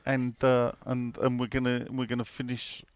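A podcast co-host speaks with a clear, resonant, medium-pitched voice at a moderate pace, his delivery completely flat, in a dry recording. He co-hosts a casual football podcast, rambling through stories, swearing freely, and reading out listener questions.

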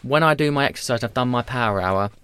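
Man, thirties, podcast guest, fast, smooth clear voice, dry close sound. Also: mid-range voice, dry recording. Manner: animated storyteller, quick, acts out voices. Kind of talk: candid conversational chat.

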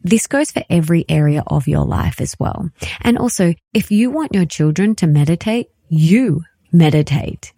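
Warm, earnest woman podcaster in her thirties. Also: lowish voice, no echo, studio quality. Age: 30s. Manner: earnest, effusive and repetitive, slowing down for emphasis. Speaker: podcast host. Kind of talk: heartfelt solo podcast monologue.

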